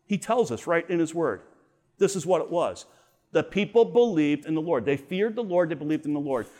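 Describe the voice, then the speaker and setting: Middle-aged man, youth camp Bible teacher, high voice, lively storyteller. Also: moderate pace. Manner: storytelling, acts out quoted voices. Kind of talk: animated youth Bible lesson.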